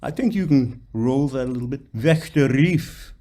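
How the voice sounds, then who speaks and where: Older man coaching singers on diction. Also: dark tone. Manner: patient, demonstrates phrases by singing them in falsetto-high lines; precise about diction, models words slowly. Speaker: voice teacher leading a masterclass. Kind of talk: masterclass coaching.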